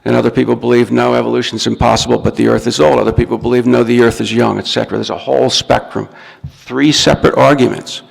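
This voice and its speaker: A man lectures to an audience and explains his points step by step, now and then breaking off a word and starting it again. His voice has a gravelly edge. The sound carries a long reverb from the hall. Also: medium pitch, level tone, quick pace. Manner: explains step by step, shows a book, restarts words often. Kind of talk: recorded talk to an audience.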